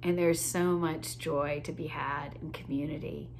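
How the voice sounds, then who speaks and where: A woman's voice: sits low, fairly even intonation, a little slow, a little hiss or hum. A woman coach casually telling a funny story, easygoing, with frequent fillers and laughter. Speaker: joy coach.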